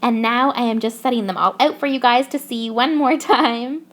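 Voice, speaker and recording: A woman's voice: on the high side, normal speed, hardly any pauses, fairly bright tone. Bubbly young woman narrating crafts. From Canada. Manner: bubbly, gushing over cute details. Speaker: craft YouTuber. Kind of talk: voice-over craft process narration.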